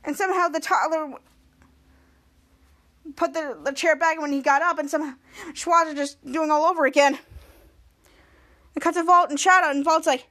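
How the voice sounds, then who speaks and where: Podcast host, woman, high-pitched and bright, animated episode recap. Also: moderate pace, pauses often. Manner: animated retelling with many restarts, acting out the lines.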